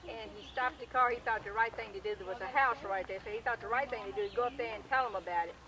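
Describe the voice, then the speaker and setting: Woman, folksy joke teller, high voice, noisy home video tape. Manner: folksy drawn-out storytelling. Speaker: family member telling jokes. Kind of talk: casual joke telling at a family reunion. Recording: home video with loud background noise.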